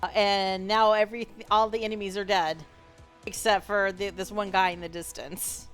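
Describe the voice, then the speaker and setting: A woman narrating as game master of a tabletop game, relaxed and chatty, with lots of fillers and laughs. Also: medium pitch, moderate pace, soft background music.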